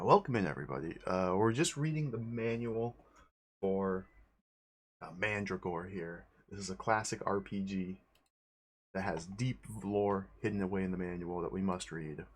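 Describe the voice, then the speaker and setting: Husky-voiced man reading a game manual. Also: low voice. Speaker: streamer.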